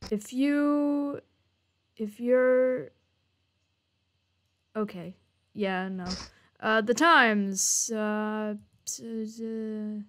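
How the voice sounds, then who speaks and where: Casting: young woman streamer, slightly high voice, unhurried, jumpy and sweary. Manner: jumpy and swearing, joking to chat. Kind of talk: horror game let's play commentary.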